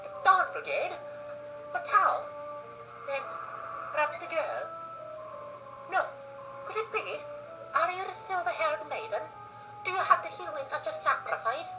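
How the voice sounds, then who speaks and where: A gamer reading a video game cutscene aloud, voicing an excitable, scheming male court advisor in a squeaky voice that rises to gleeful shrieks. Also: unhurried, pauses often, poor audio. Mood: suspicious. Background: game music.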